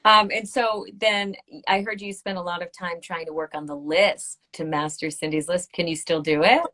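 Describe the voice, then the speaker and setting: A woman hosting a podcast interview, asking questions with enthusiasm and quick laughs. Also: lowish voice, steady tone, sharp tone. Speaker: podcast host. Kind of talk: casual interview chat.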